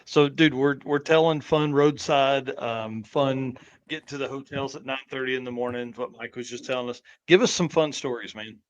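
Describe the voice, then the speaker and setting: A man's voice: mid-range voice, normal speed, muffled recording. A man hosting a talk show, prompting a guest to share fun stories.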